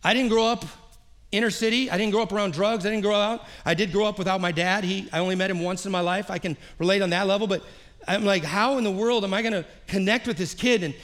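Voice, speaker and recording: Animated pastor telling a story. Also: male voice, sits high, fast talker. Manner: animated storyteller acting out quoted dialogue, repeats phrases. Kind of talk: sermon storytelling. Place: church service.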